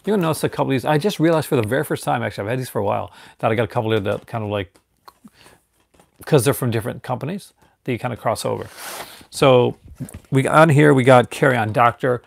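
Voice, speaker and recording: Gravelly-voiced Canadian man streaming live. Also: mid-range voice, fast. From Canada, Newfoundland. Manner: rambling, frequent restarts and fillers. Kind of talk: casual live-stream chat.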